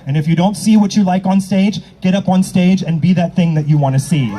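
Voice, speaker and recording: A man's voice: high voice, fairly quick, mellow, rough recording. A man hosting as a drag emcee at an outdoor rally, bantering with the audience in a brash, teasing and profane way. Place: outdoor public square at a rally. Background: faint crowd.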